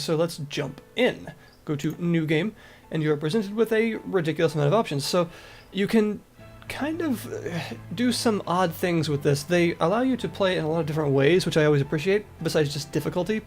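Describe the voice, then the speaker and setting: A man's voice, set a touch higher than usual, comes through stuffy and nasal with a slight rasp from a cold. He talks through a game in a loose, casual commentary, full of fillers and self-corrections. Soft music plays underneath. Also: moderate pace. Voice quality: raspy. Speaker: game reviewer.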